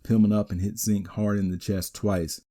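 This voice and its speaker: A man hosting a wrestling podcast, giving a steady, matter-of-fact play-by-play recap with the odd dry aside. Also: on the low side, normal speed. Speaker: podcast host.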